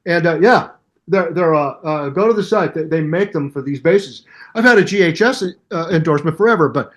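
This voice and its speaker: An older man chats as an interview guest with a fairly high voice. He tells his stories with a lot of energy, acting out other people's voices and sounds as he goes. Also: fairly quick. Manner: animated storyteller, mimics voices and sounds. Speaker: guest musician. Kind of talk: casual interview chat.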